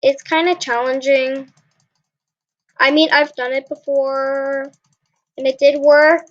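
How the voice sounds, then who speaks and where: A woman's voice: high voice, fairly even intonation, slow pace, long pauses, dry recording. A young woman casually commenting on her gameplay, often frustrated and apologizing to her viewers. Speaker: gaming channel host. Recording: dull lo-fi sound.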